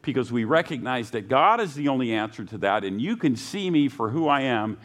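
A man's voice: mid-range voice, expressive, fairly quick, a bit bright. A male pastor preaching a sermon, reading scripture and rising into pointed rhetorical questions.

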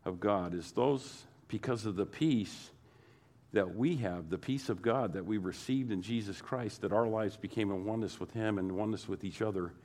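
A man's voice: on the low side, moderate pace, darkish tone. A man preaching a sermon to his congregation, repeating phrases and building emphasis as he goes. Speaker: pastor.

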